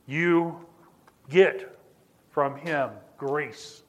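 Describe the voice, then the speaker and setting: Man, pastor, sermon, high voice, conversational storytelling, repeats phrases for emphasis. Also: fairly even intonation, drawn-out words. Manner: repetitive, building emphasis through restated phrases; conversational, addresses listeners directly.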